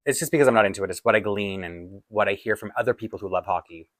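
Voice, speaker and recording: A man's voice: on the low side, quick pace, fairly bright tone, dry recording. A man, from Toronto, chatting casually in a rambling, self-deprecating way as a doll collector vlogger. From Toronto, Canada. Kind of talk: casual chat.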